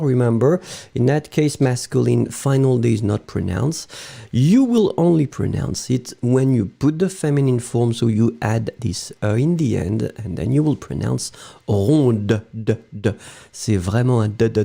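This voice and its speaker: Gravelly French teacher, lively delivery. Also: male voice, medium pitch, a little slow. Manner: explains patiently, greets viewers by name, switches between English and French. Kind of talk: live online language lesson.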